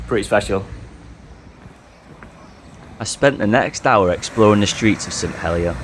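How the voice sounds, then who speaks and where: A man narrating a travel vlog and talking to camera while hiking outdoors, in a relaxed, chatty and enthusiastic way. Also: on the low side, slight background noise. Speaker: hiking vlogger. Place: outdoors on a coastal hike.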